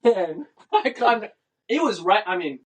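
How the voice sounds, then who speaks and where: Casting: young male podcast co-host, high voice, lively storytelling, mic a bit distant. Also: measured pace. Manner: animated, laughing retelling. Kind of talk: casual storytelling chat. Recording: voice slightly far from mic.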